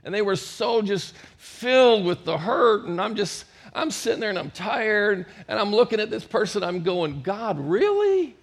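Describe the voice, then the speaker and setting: A middle-aged male pastor preaching a storytelling sermon, swinging from loud bursts to hushed moments. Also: high-pitched, moderate pace, few pauses.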